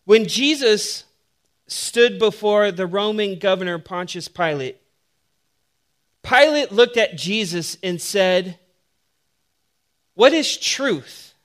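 A man's voice: high voice, slow pace, a bit bright. A man preaching a sermon in a conversational, humorous way that builds to emphatic points.

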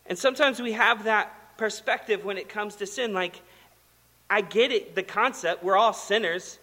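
A man preaching a sermon in a conversational, animated storytelling manner. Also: sits high, normal speed, in a large hall. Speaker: pastor.

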